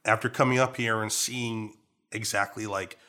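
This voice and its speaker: A man's voice: fairly low pitch, fairly even intonation, moderate pace, bright, forceful tone. Young trinidadian guy chatting on a podcast, laid back and jokey, accent slides between american and island. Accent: American, switching to Trinidadian partway. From Trinidad and Tobago. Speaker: guest. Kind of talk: casual interview chat.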